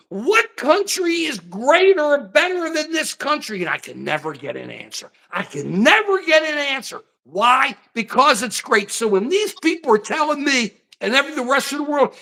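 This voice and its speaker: Animated man hosting a political chat. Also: extremely high pitch. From United States. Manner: animated, talks himself into fervor. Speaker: host.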